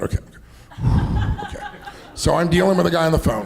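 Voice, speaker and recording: A man's voice: a little high, brisk, creaky, long pauses. A middle-aged man, an entrepreneur and investor, talking in a fireside chat, rambling through anecdotes with many "you know"s and laughs. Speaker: entrepreneur and investor, interview guest.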